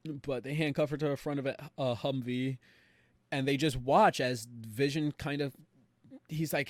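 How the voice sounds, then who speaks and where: A young man on a podcast, animatedly retelling a show with quick voiced quotes. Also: a little high, no echo. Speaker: podcast co-host. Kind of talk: casual recap chat.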